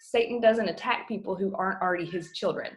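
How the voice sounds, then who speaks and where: A woman in her thirties gives a heartfelt pep talk to her team over a video call from home. Her voice sits at an ordinary middle pitch, and she sounds earnest and close to tears at times, talking casually with fillers. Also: fast. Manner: earnest, emotional, choking up at times. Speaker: team coach.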